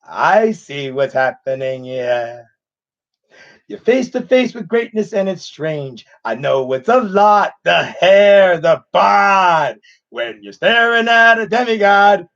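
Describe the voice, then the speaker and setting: A man's voice: sits high, expressive, slow, fairly bright tone, exaggerated voice. A man voicing a cocky, boastful male demigod with swaggering, singsong bragging, on a slightly muffled lo-fi recording. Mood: smug.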